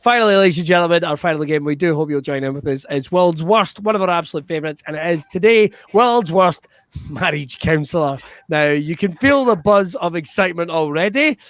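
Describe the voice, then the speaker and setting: An upbeat man hosts a live online comedy show from a video call, speaking high and bright. His sound is close and dry, and he chats and laughs easily between games. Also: fairly quick, no room sound. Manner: upbeat, chatty, laughs often.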